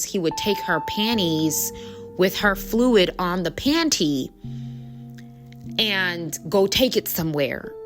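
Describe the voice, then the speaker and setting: Woman spiritual coach, low-ish voice, loose rambling delivery, music bed underneath. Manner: chatty, rambling, many fillers. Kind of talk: casual storytelling to viewers.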